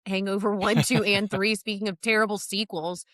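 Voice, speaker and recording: A woman's voice: mid-range voice, flat delivery, moderate pace, a bit bright, no echo, clean studio sound. A woman guest on a podcast, talking casually and listing her points, often checking in with "right?". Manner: chatty, lists points, uses "right?" often.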